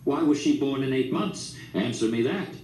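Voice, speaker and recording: A man voicing a drunk, raging middle-aged father who shouts and curses. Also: medium pitch, normal speed, natural voice. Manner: shouting, slurred cursing. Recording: roomy, distant mic, faint background noise.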